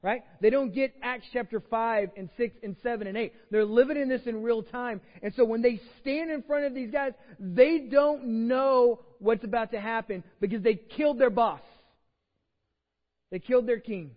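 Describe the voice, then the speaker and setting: A man's voice: very high-pitched, moderate pace. A man with a Texan accent preaching a casual, conversational sermon and reading scripture aloud. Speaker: pastor. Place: church sanctuary. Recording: dull sound with long hall reverb.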